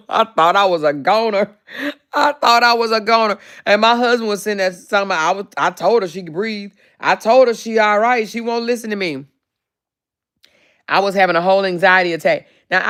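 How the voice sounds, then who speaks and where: Woman host, casual live chat; smooth clear tone, animated and profane, reads comments aloud. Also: medium pitch. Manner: animated, salty and profane, drawling endearments like child and baby. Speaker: livestream host. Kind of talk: casual livestream chat reading viewer comments.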